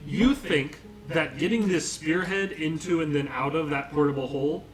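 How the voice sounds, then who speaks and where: A man running a tabletop game as game master, explaining calmly with frequent pauses and ums. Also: fairly high pitch, soft background music. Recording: echoey room, faint noise.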